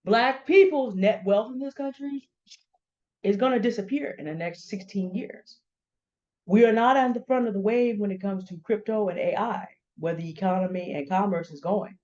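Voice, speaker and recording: A woman's voice: medium pitch, normal speed, a little mellow. A middle-aged woman giving pointed, confrontational commentary, speaking straight to the people she calls out by name. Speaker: commentary host. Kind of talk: direct-address commentary. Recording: dull lo-fi sound.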